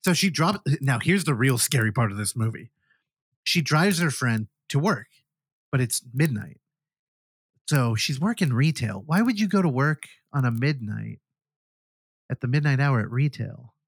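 A man's voice: mid-range voice, lively intonation, normal speed, breathy edge, no echo, studio quality. A man co-hosting a podcast, casually reviewing a horror film and animatedly acting out the characters' lines as he retells it. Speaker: podcast co-host.

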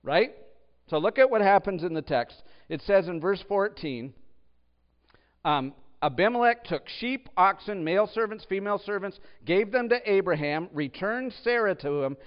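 A man preaching a sermon as pastor, swinging between loud emphatic bursts and hushed low asides. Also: lively intonation, normal speed, clean tone. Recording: dull echoey hall.

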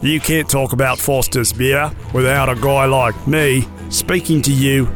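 Man putting on a boastful fake-Australian ad guy, hammy, loud. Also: mid-range voice, steady tone, a little slow, faint music behind, lightly acted. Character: brash man faking an Australian accent.

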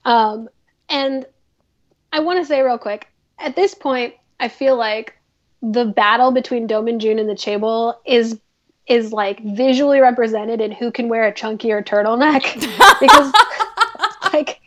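A woman's voice: on the high side, a little slow, muffled recording. Chatty woman recapping a show. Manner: chatty, animated retelling with playful asides. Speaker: podcast co-host. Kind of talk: casual chat recapping a drama.

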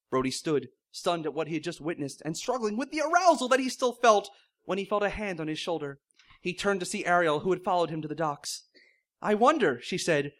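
A man's voice: a little high, fairly bright tone. A man reading silly fan fiction aloud in mock-serious narration, often breaking into laughter. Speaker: comedic reader.

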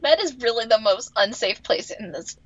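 A woman's voice: moderate pace, no room sound, lo-fi sound. A woman co-hosting a podcast in casual chat, exasperated and swearing as she reacts. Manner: exasperated, swears, lively pitch swings. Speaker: podcast co-host. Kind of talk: casual chat recapping a TV episode.

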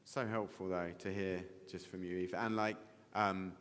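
A man's voice: low voice, steady tone, measured pace, fairly bright tone, clean tone. A man interviewing a guest on stage and leading a church gathering, affirming and reflective, recorded in a large reverberant hall.

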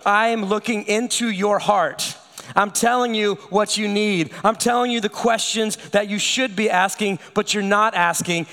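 A pastor plays a calm, earnest teacher who speaks slowly and bluntly, each word deliberate. His fairly high voice carries a long church reverb. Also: exaggerated voice. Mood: insistent.

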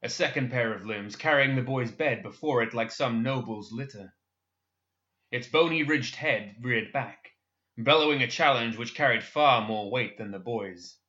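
A man narrates a dark fantasy tale in a measured, expressive storytelling style. His voice is bright and forward, with a mid-range pitch. The recording is a little dull and lo-fi. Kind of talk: dramatic audiobook narration.

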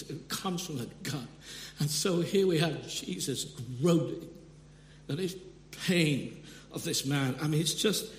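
A man preaching a sermon in an earnest way, often restarting his sentences and rising sharply for emphasis. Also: fairly high pitch. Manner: earnest, with frequent restarts and sudden emphatic rises. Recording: echoey hall with long reverb, faint hum.

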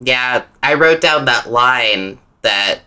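Woman, podcast co-host, casual chat, enthusiastic, rambling, bright clear tone. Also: very deep voice, animated, faint music behind. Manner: enthusiastic, rambling, quick restarts. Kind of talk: casual book-club chat.

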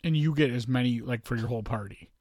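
Man, podcast co-host, mid pitch, dry teasing quips, casual chat, dry recording. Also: quick pace, darkish tone, dry recording. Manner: dry wisecracking interjections.

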